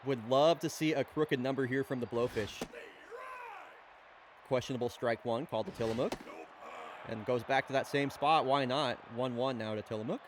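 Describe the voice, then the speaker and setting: A man's voice: mid-range voice, moderate pace, noisy background. A man hosting and calling play-by-play for a fake baseball game, chatty and rattling off the action in a casual way. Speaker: play-by-play commentator and host.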